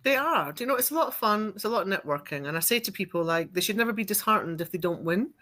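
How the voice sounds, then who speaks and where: Bright-voiced Scottish woman, laughing storyteller. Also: medium pitch, fast talker. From Scotland. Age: middle-aged. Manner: lively storyteller, laughs often, swears freely. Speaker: podcast guest. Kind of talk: casual chat.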